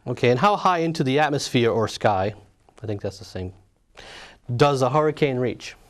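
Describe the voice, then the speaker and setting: A man's voice: medium pitch, animated, moderate pace. Brief: male host, reads viewer questions, straight man to a joker. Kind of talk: casual studio chat.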